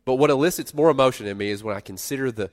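A middle-aged man preaching a sermon in a conversational way, rising to loud emphasis and dropping to quiet asides. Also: mid-range voice, very fast. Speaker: pastor.

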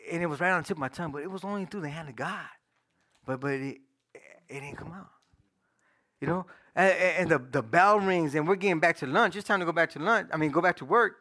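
Guy preaching his own story, high bright voice, talks street casual, gets loud then goes real quiet. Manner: casual storytelling with slang, lively swings from loud to hushed. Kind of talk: sermon testimony.

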